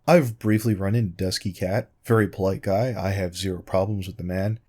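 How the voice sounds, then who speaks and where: A man's voice: low voice, fairly even intonation, a little fast, a little mellow. A man in a commentary video, sarcastic and pointed, arguing directly at the person he answers. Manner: sarcastic, pointed, repeatedly addressing his target by name. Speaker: YouTube commentator responding to a critic.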